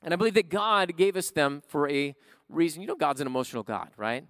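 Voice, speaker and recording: A man preaching a sermon in a conversational way, often checking in with his listeners with a quick "right?". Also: on the high side, animated, a bit bright, no echo, studio quality. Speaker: pastor.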